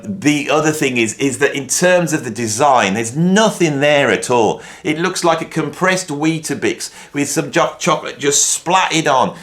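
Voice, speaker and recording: A man's voice: on the high side, a bit bright. Mock-outraged middle-aged Englishman. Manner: mock-indignant, rambling, dry humor. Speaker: video host. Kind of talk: casual ranking monologue.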